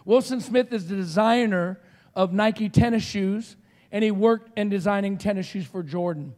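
A middle-aged man preaching as a guest speaker, telling stories with animated energy and shouted outbursts. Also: high voice, normal speed, in a large hall. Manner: animated storytelling, shouting quoted screams. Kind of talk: sermon.

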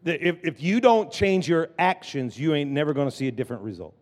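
A man preaching a lively sermon as pastor, drawing the congregation into call-and-response. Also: a little high, fairly quick. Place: church sanctuary. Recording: long church hall reverb.

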